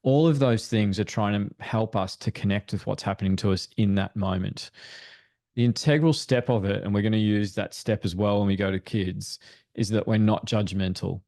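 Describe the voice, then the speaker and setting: Low gravelly man explaining earnestly. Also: normal speed, dark tone, dry recording, clean studio sound. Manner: earnest, explanatory, acts out quoted thoughts. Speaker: parenting expert guest. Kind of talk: webinar discussion.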